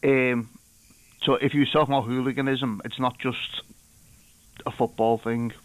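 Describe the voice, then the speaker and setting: A man's voice: mid-range voice, level tone, normal speed, no echo. Hesitant male radio caller. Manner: hesitant, with many fillers. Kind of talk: casual phone-in call.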